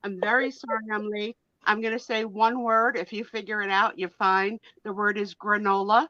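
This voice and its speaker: A woman's voice: mid-range voice, level tone, moderate pace, sharp tone, no echo, dull audio. A woman joining a live stream as a regular co-host, talking in a playful, teasing, theatrical way.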